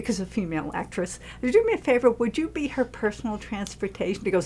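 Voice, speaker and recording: A woman's voice: medium pitch, fast, hardly any pauses. A woman from New York, a film producer, telling stories in casual chat and acting out what people said. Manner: animated storyteller, acts out quotes.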